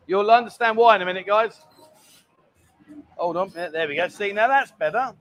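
A man's voice: high-pitched, moderate pace, muffled recording. Chatty man hosting a bar show. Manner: chatty, teasing, reads viewer comments aloud. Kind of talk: casual livestream chat.

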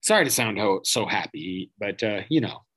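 A man's voice: on the low side, lively intonation, moderate pace, fairly bright tone, rough recording. A man hosting a podcast, delivering a profane, sarcastic political rant and mocking his targets. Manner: sarcastic, mocking, swears freely. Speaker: podcast host.

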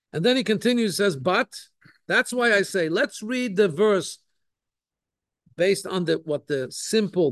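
Rabbi giving a lesson, man with a high voice, earnest and explanatory, close and dry sound. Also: no room sound. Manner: earnest, explanatory, often rephrasing points. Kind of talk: Torah lesson.

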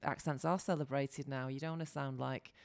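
Mancunian woman host, deep voice with some fry, encouraging. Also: steady tone, fairly quick. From Salford, England. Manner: encouraging, chatty. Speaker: podcast host. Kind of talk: casual interview chat.

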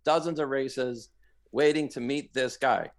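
Gravelly-voiced Canadian man telling running stories. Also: medium pitch, measured pace. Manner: animated storyteller who shouts out quoted lines. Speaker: guest, marathon runner. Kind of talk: storytelling in a podcast interview.

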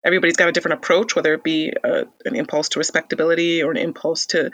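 A woman being interviewed in a casual conversation, telling stories with lively energy and frequent restarts. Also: sits low, rapid-fire, few pauses, rough recording. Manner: animated storyteller, frequent restarts. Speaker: interview guest.

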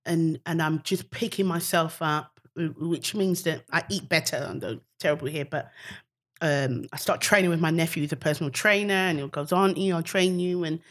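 Animated woman comedian storytelling. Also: normal speed. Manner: animated storyteller, acts out quotes with big pitch jumps. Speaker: comedian guest. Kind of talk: casual podcast chat.

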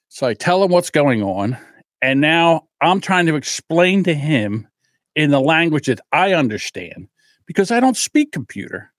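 In a dry, studio-quality recording, a male podcast host with a slightly high voice talks at a moderate pace. He recounts a casual anecdote with animation, performing the voices, cursing freely, and joking self-deprecatingly about his temper.

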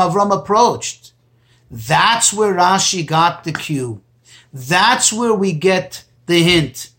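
A man teaching a text study lesson in a deliberate, explanatory way, repeating key phrases for emphasis. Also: sits high, a bit bright. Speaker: Torah teacher.

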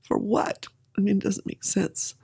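A woman's voice: medium pitch, little pitch movement, a little slow, creaky, dark tone, breathy edge. A middle-aged woman candidly telling a personal story in an interview, with emotion and occasional laughter.

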